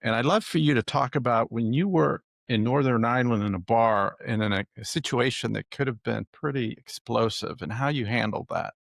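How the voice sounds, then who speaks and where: Gravelly-voiced male podcast host. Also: medium pitch, fairly quick, hardly any pauses, a bit bright, no echo, studio quality. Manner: conversational, asks long questions. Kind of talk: podcast interview.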